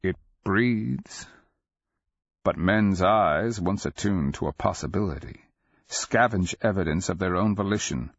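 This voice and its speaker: A man narrating a dark fantasy story in a measured, deliberate way. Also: deep voice, breathy edge, no echo. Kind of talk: dramatic fantasy audiobook narration. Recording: dull lo-fi dry recording.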